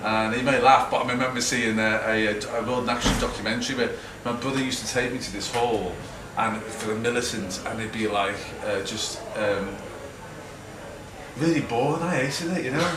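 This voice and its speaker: A man's voice: mid-range voice, moderate pace. Chatty Liverpool man in an echoey hall. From Liverpool, England. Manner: chatty, self-mocking, acts out quotes, laughs often. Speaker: guest speaker. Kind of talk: rambling anecdotal talk to an audience. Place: event hall with a live audience. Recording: echoey hall, mic from far off, background noise.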